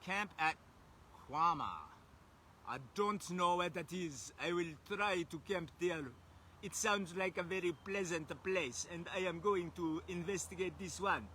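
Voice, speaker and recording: Oddly formal stilted man, put on by an Australian streamer, raised pitch, bright, deliberate. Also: slight background noise. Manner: slow, stilted, over-precise delivery. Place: outdoors by a road, windy.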